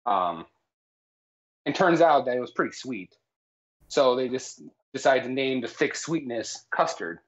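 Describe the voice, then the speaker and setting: A man's voice: mid-range voice, animated, measured pace, pauses often. A man co-hosting a jokey live cooking stream, explaining absurd facts in a mock-authoritative tone and tagging lines with "all right?". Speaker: cooking show co-host. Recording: slightly dull lo-fi stream audio.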